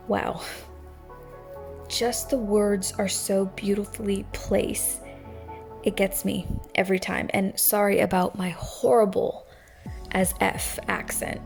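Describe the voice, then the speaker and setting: A woman's voice: mid-range voice, creaky, a little mellow. A woman hosting a morning radio-style show, talking casually to her audience in a chatty, self-deprecating way. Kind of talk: casual solo show monologue.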